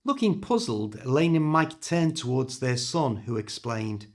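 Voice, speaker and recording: A man with a British accent reading a story aloud for English learners, clear and expressive. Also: medium pitch, measured pace. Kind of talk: scripted story narration.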